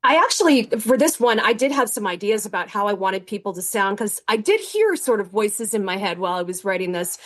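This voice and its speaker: A woman writer talks through her process in an easy, conversational way. She often stops and restarts her sentences and fills pauses as she goes. Her voice sits at a middle pitch. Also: very animated, a bit bright. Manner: chatty, with frequent fillers and restarts. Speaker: author. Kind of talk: reading acknowledgments, then casual interview talk.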